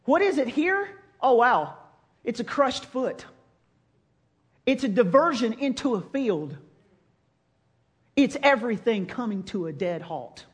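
A woman preacher retelling a scripture story in a sermon, with animated storytelling that swings from loud to hushed. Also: fairly high pitch, a little slow, pauses often.

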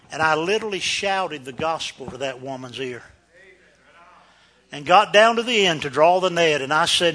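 A male preacher telling a story in a sermon, animated and laughing, swinging between loud and hushed. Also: fairly high pitch, a little slow, pauses often.

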